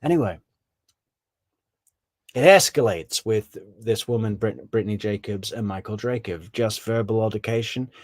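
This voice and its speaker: A man's voice: lowish voice, normal speed, a little mellow, no echo. A man giving casual, rambling commentary on a true crime case, often correcting himself on names.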